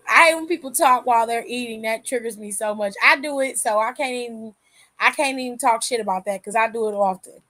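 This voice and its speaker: High pitched woman w/ AAVE, chatting on a stream, swears a lot, dry close sound. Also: normal speed, sharp tone, dry recording. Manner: candid, swears freely, laughs often. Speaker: aftershow host reading chat. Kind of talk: casual livestream chat.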